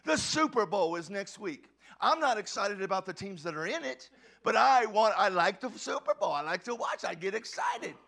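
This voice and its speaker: A man preaching a passionate sermon as a pastor, often shouting and stumbling over restarts. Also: high-pitched, expressive, normal speed, creaky.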